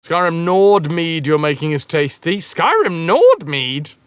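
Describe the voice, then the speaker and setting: A man streams a game and chats with his viewers in a loose, joking, rambling way. His voice sits a little high for a man and swings widely up and down as he talks. The sound is close and dry, with no room around it. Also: big pitch swings, measured pace, clear, resonant tone, no echo. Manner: jokey, rambling, reads and answers chat. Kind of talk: casual live-stream chat with viewers.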